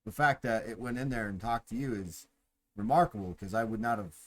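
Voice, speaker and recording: A man running a tabletop game as game master, relaxed and laughing as he narrates the tavern scene. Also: lowish voice, brisk, rough recording.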